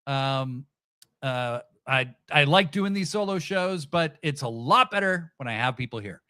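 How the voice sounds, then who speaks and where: Man, middle-aged, sarcastic rambling podcast host, bright tone, dry close mic. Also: mid-range voice, animated, unhurried, clean tone, dry recording. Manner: sarcastic, rambling, many fillers and restarts. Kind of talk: casual livestream chat, reading chat comments.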